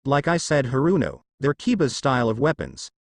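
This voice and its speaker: A man's voice: mid-range voice, big pitch swings, moderate pace, vocal fry, no echo, clean studio sound. A man voicing a brash young male ninja who talks bluntly and tough, in a fan story read aloud.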